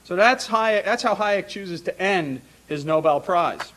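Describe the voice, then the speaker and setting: A man's voice: sits high, expressive, measured pace, fairly bright tone, a little hiss or hum, low-quality recording. A man introducing a panel at an academic conference, talking off the cuff with many fillers and restarts. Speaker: academic moderator.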